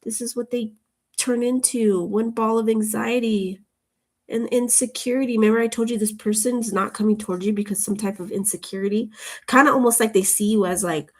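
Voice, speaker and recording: A woman's voice: fairly high pitch, fairly even intonation, a little fast, a little mellow. A woman giving a casual tarot reading to camera, rambling off into tangents and laughing often between remarks. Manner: chatty, drifts into tangents. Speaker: tarot reader.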